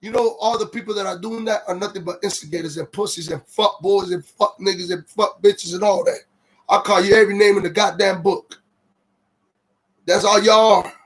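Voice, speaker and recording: Guy with a pretty high voice going off on a livestream, angry and cussing a lot, reads comments out. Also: fairly even intonation, brisk. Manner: heated, profane, reads viewer comments aloud. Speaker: livestream host. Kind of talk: ranting livestream monologue.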